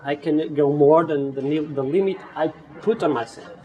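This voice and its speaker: A man hosting an interview, asking reflective questions in a relaxed way. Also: on the high side, moderate pace, muffled recording. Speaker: podcast host. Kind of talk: casual interview.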